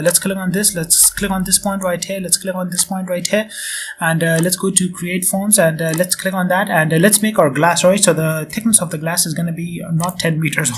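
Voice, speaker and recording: A man with a sore throat walking through software steps quickly, repeating short instructions and filling gaps with "uh" and "and". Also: high voice, a little hiss or hum. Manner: rapid, repetitive step-by-step instructions with many fillers. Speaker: software tutorial presenter. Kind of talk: screen-recorded software walkthrough.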